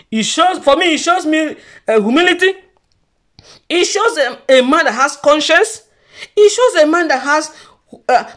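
Woman vlogger, high pitch, emphatic and preachy, keeps repeating herself. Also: fairly bright tone. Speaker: church gossip vlogger. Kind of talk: casual commentary.

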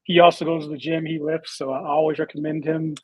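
A man in relaxed livestream talk who jokes a lot and reads out comments. His voice is slightly higher than average and a little husky. The sound is dry and close, with no echo. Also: fast talker. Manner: laid-back, joking, reads out comments. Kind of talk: casual livestream chat.

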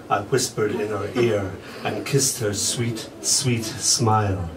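A man reading his own poems aloud at a live poetry night, slow and deliberate, letting line ends fall soft and quiet. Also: mid-range voice. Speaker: poet. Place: small poetry venue with an audience. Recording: distant live recording with audience noise. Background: audience laughing and murmuring.

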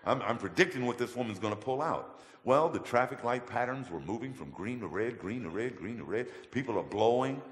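A man telling his testimony as a guest in a church, colloquial and animated. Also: medium pitch, brisk. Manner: animated, colloquial, acts out voices in his stories. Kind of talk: storytelling testimony. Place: church hall. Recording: echoey church hall with long reverb.

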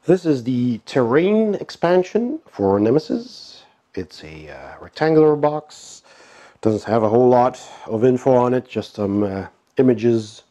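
A man's voice: mid-range voice, unhurried. A man with a cold and a nasal voice, casually commenting while unboxing a board game, with frequent fillers and chuckles. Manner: relaxed, chuckling, lots of fillers.

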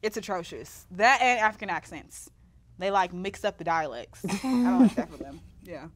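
A young woman from the American South, chatting on a community TV panel, animated and joking, laughing often. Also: lowish voice, moderate pace. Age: young adult. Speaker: media intern, panelist. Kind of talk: casual panel discussion.

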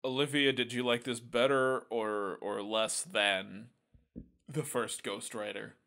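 A man's voice: medium pitch, slow pace, vocal fry. A man hosting a podcast in a casual chat, hesitant and self-correcting. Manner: relaxed, hesitant, many fillers, self-correcting. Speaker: podcast host.

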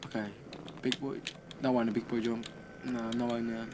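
A young man narrating his own video game run in casual commentary, excitable and quick to exclaim. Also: medium pitch, noisy background. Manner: excitable, easily startled, exclaims often. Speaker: gaming video host.

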